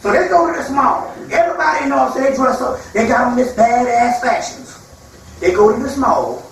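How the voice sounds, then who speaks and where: A man with an extremely high, gravelly voice and lively intonation gives a spiritual lecture to a live audience at a moderate pace. He tells stories in a loose, colloquial way, acting out the people he quotes. It's recorded from far off in an echoey hall, with faint noise.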